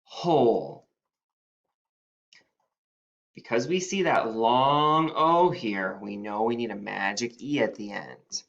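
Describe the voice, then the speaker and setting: A male teacher giving a phonics spelling lesson, slowly stretching out the sounds of each word. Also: medium pitch, creaky, fairly bright tone, highs cut off.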